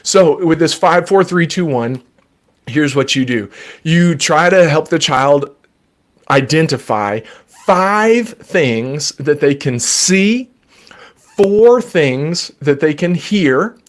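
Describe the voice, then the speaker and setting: Gentle, patient male therapist. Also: a little high, lively intonation, takes it slowly. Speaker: child therapist and podcast host. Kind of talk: live Q&A advice. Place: home desk. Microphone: desk microphone.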